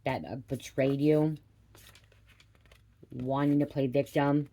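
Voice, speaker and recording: A woman giving a spiritual reading, rambling and swearing casually, ending almost every sentence with a quick "okay?". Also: extremely low pitch, fairly even intonation, mellow. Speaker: tarot reader.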